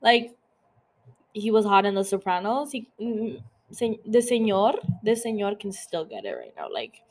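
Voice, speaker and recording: A woman's voice: medium pitch, sing-song, measured pace. A woman hosting a podcast, chatting casually about a TV episode with lots of fillers and free swearing. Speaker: podcast host. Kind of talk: casual TV recap chat.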